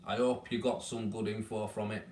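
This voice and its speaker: A man's voice: on the low side, little pitch movement, normal speed, a little mellow, echoey room. A man from Leeds with a Yorkshire accent, chatting bluntly and casually on a live stream, calling viewers "mate" and giving them down-to-earth advice. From Leeds, England. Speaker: tradesman hosting a weekly live Q&A stream. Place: baby's room at home.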